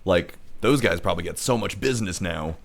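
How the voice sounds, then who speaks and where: A man's voice: sits low, animated, fairly quick, gravelly. A young man co-hosting a podcast, chatting casually and dropping in wry remarks. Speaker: podcast co-host. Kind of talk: casual chat.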